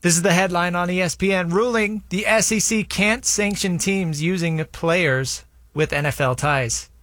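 A man's voice: high voice, moderate pace, fairly bright tone, dry recording, studio quality. A man co-hosting a sports talk show, casually reading out the day's headlines.

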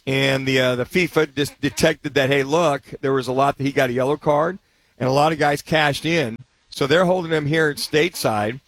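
A man's voice: mid-range voice, normal speed, fairly bright tone, no echo. A man co-hosting a sports radio show, talking in a rambling, anecdotal way with frequent restarts. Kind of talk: casual sports talk.

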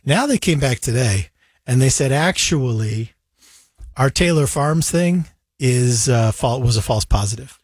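Husky man telling a story. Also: mid-range voice, measured pace, no room sound, clean studio sound. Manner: animated storyteller, acts out his own thoughts. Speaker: co-host. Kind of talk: casual chat.

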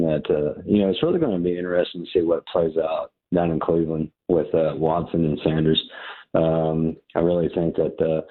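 Low husky dude calling in about football, super laid back, phone line sound. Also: male voice. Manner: laid-back, says "man" constantly. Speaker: caller.

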